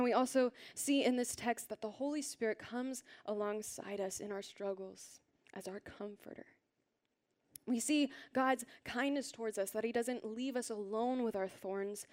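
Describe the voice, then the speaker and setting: A woman preaching a sermon in a church, earnest and gentle, often sinking into a soft near-whisper. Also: medium pitch. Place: church hall with a congregation.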